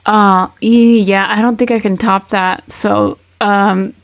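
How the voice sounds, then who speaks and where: A woman's voice: medium pitch, fairly even intonation, slow pace. A woman co-hosting a podcast, chatting casually and rambling through a memory with lots of restarts. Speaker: podcast co-host. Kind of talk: casual chat.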